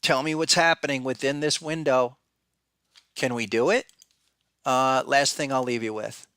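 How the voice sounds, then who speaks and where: Bright, blunt male market commentator. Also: medium pitch, fairly even intonation, a little slow, smooth, no room sound. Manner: blunt, conversational, thinks aloud with restarts. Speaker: podcast host and market analyst.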